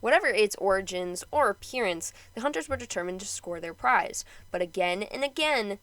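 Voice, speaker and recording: A woman's voice: medium pitch, animated, moderate pace, fairly bright tone, dry recording, low-quality recording. A woman narrates a history episode for her own podcast, reading from a script. She keeps slipping into casual, joking asides between the read passages. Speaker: podcast host.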